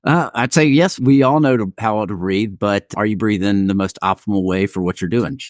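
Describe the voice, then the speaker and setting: A man being interviewed as a breathwork coach, explaining in a calm and measured way. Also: lowish voice, no room sound, clean studio sound. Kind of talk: interview answers.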